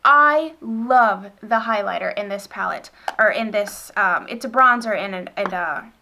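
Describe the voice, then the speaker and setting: A woman's voice: mid-range voice, unhurried, creaky, bright, forceful tone. A young woman with a northern US accent, chatting casually about beauty products in a gushing, rambling way with many fillers. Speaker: beauty vlogger. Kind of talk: casual chat.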